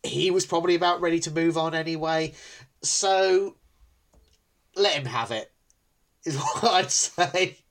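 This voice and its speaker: A man's voice: fairly high pitch, measured pace, long pauses, a bit bright. A man co-hosting a casual podcast chat, who rambles with many ums and restarts. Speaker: podcast co-host.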